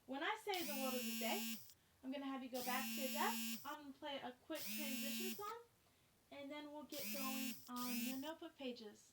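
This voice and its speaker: A woman's voice: high voice, normal speed, heavy background noise. A young adult woman teaching a class, explaining things step by step in a friendly, chatty way. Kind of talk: classroom instruction.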